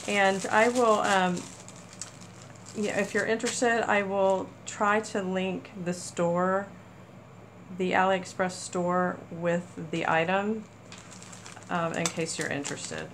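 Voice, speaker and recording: Slow-talking excited crafting woman. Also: fairly low pitch, slight background noise, poor audio. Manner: gushing, excited over small crafting items. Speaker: crafting channel host. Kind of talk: casual haul chat to camera.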